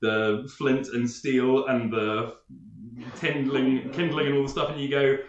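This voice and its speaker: A man's voice: mid-range voice, flat delivery, a little slow, reverberant, lo-fi sound. A man narrating as game master in a tabletop game, rambling and chuckling, with frequent restarts.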